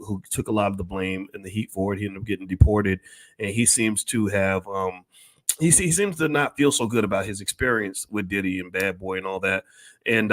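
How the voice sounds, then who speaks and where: Emphatic older man with a low voice. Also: a bit bright, no room sound. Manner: preachy, emphatic, repeats himself. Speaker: commentator and finance educator. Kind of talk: livestream commentary.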